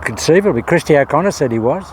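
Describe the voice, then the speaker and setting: Man, slightly high voice, golf vlogger chatting and coaching himself outside, faint background noise. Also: expressive, fast talker. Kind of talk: casual talk to camera while practising. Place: outdoor golf practice area.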